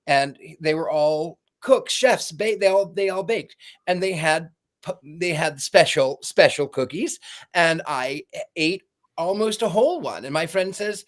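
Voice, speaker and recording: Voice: expressive, moderate pace. A podcast co-host telling a long anecdote, acting out the voices of the people in it. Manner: acts out quoted voices, jumping higher and louder.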